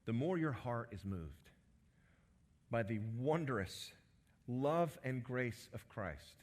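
A middle-aged man preaching a sermon in an earnest way, swinging from emphatic rises to soft, low drops. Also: animated, takes it slowly. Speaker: pastor.

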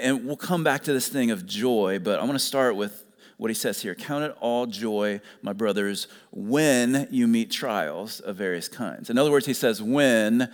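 A man with a somewhat low voice preaches earnestly, leaning hard on each key phrase and coming back to it again and again. His words ring out with a long reverb, as if he is speaking in a large hall. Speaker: pastor. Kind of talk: sermon.

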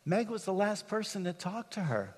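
High-voiced male pastor in reverberant hall. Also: sing-song, moderate pace. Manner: conversational storytelling with asides to the audience. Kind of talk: sermon. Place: church sanctuary.

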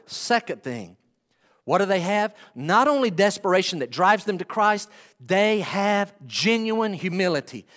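A man preaching a sermon as pastor, swinging from hushed asides to loud pleading and acting out prayers. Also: high-pitched, sing-song, measured pace, big-room sound.

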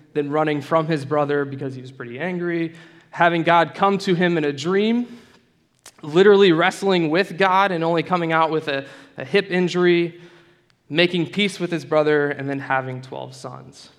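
A man preaching a sermon in a relaxed, conversational storytelling way, with casual asides to the room. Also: on the high side, in a large hall.

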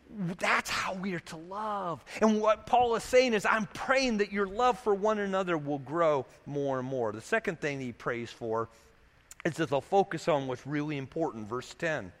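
A man's voice: on the high side, a bit bright, in a large hall. A man preaching a sermon as pastor, in a conversational way, asking rhetorical questions as he goes.

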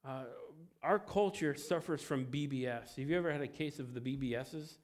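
A man preaching a sermon who speaks with emphatic stresses and lets phrase endings fall quiet. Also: medium pitch, moderate pace. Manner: emphatic, swings between loud stresses and quiet trailing endings; acts out quoted voices in a story. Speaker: pastor.

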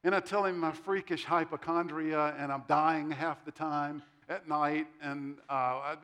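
A man's voice: a little high, fairly even intonation, normal speed, few pauses, a bit bright. A middle-aged man giving a sermon, telling a personal story with self-deprecating humor and quoted dialogue. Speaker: pastor.

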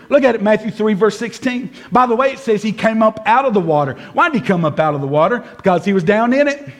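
A high-voiced man preaches to his congregation. He tells the story in an animated way and acts out the figures as he goes. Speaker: pastor. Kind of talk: sermon. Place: church service before a congregation.

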